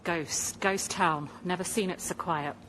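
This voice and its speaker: A woman's voice: on the low side, measured pace, a bit bright, slight background noise. A woman films on a handheld phone while walking through empty hospital corridors, indignant and urging viewers to look. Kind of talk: handheld walk-through video rant.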